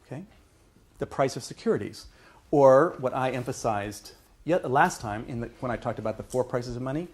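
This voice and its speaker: A man of middle pitch lecturing to a university class. He explains step by step, often checking in with "okay" and restarting his phrases. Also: animated, moderate pace, breathy edge. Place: lecture hall.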